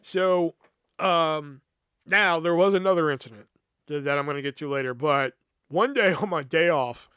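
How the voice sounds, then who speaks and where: Male podcast host with a fairly high voice, ranting through a personal story, lots of cursing and fillers. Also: moderate pace, a bit bright, clear, resonant tone, dry recording. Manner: profane, heated storytelling with fillers.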